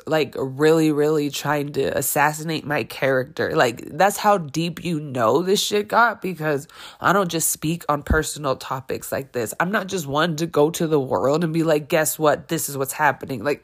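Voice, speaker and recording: Blunt, halting woman podcaster. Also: low-pitched. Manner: blunt and emphatic, with frequent swearing; halting, with many fillers and restarts. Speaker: podcast host. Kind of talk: candid personal podcast monologue.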